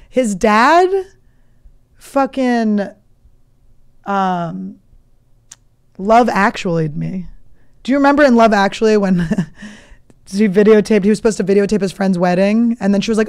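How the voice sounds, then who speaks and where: A woman's voice: medium pitch, moderate pace, a little mellow, clean tone. A woman in her thirties hosting a comedy podcast, telling stories in a blunt, profane, joking way. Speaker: podcast host. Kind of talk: casual comedic chat.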